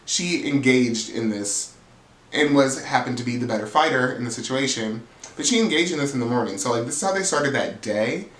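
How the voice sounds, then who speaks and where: A man's voice: mid-range voice, animated, fairly quick, a bit bright. Sassy, swearing man with a roomy echo. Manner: sassy, profane, chatty, calls people "girl". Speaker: reality TV recap host. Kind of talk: casual gossipy commentary.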